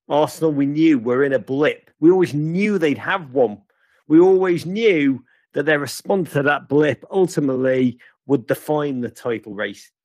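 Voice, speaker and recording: A man's voice: medium pitch, darkish tone, no echo. A man hosting a football review show, giving a scripted match-review monologue in a sardonic, theatrical, wry way.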